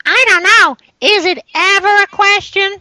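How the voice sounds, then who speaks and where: A bratty little toy robot chirps in a piercing, very high squeak. Its tone is bright and cutting, and the sound is dry and close with no room around it. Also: male voice, steady tone, unhurried, no room sound, exaggerated voice. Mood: teasing. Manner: teasing, high-pitched squeaky.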